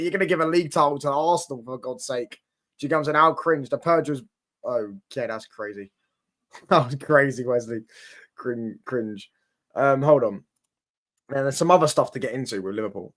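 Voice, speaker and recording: A man's voice: mid-range voice, brisk, fairly bright tone. A brash, sweary young man giving rambling reaction commentary on football. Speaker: football watchalong streamer.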